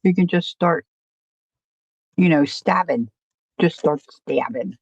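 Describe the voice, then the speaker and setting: A woman's voice: sits low, slow pace, creaky, breathy edge, no room sound, lo-fi sound. A woman hosting a casual crafting livestream, rambling and self-deprecating, often stopping to restart her sentences. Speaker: crafting channel host.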